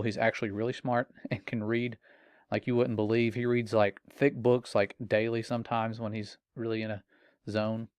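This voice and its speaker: Middle-aged man, earnest warning testimony, smooth resonant voice, dry close sound. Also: mid-range voice, no room sound. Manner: earnest, warning tone with casual fillers. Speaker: father sharing a personal story. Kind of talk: earnest personal testimony monologue.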